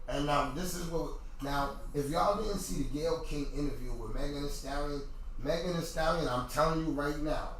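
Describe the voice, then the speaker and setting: Animated man in an echoey room. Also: a little high, normal speed, slight background noise. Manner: animated, repetitive, rising to shouts when worked up. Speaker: podcast host. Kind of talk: casual opinion talk to viewers. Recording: echoey room from far off mic.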